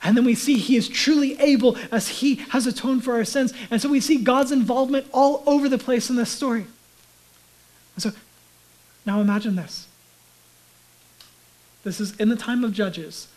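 Man preaching, hushed to soft whispers. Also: very high-pitched, steady tone, moderate pace, long pauses, rough recording. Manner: conversational preaching, dropping to a hushed whisper for emphasis. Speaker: pastor. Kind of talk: sermon.

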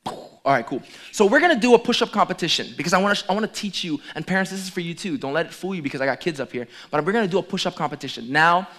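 Man, pastor, playful and joking, fairly high voice, lively sermon. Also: racing. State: out of breath at times. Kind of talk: lively sermon with audience demonstration.

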